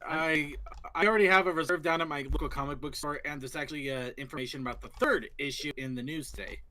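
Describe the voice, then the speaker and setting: A man co-hosting a casual fan talk show, excitable and quick to swear, often restarting his sentences. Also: fairly high pitch, a little hiss or hum. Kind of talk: casual chat.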